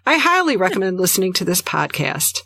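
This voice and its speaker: A woman co-hosting a podcast, chatting animatedly about a book and jumping in quickly. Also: fairly low pitch, very animated, creaky, pushed and bright. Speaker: podcast co-host. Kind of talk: casual book-club chat.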